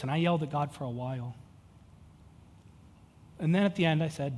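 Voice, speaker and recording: At a normal speed broken by long pauses, a pastor in his thirties gives a sermon in a fairly high voice. The large church hall adds a long reverb tail as his earnest storytelling shifts from relaxed to fervent, climbing intensity.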